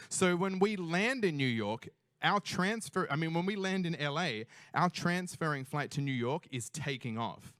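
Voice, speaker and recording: A young Australian man telling a funny personal story on stage, animated and self-mocking, swearing freely. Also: a little high, moderate pace, dry recording, studio quality. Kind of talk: live storytelling.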